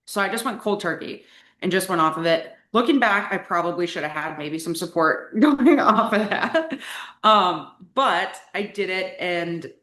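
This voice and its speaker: A woman's voice: on the low side, animated, moderate pace, fairly bright tone. A young adult woman, a coaching client, telling her personal story in a casual, candid way, with lots of "like" fillers. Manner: candid, chatty, frequent "like" fillers. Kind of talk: casual interview talk. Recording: echoey room.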